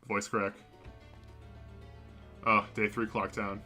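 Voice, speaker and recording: This is casual livestream commentary from a young man playing a video game at a computer in his home. He has a fairly low, sharp-toned voice at a moderate pace, rambling and frequently correcting himself as he chats with viewers. Soft music plays behind the desk mic.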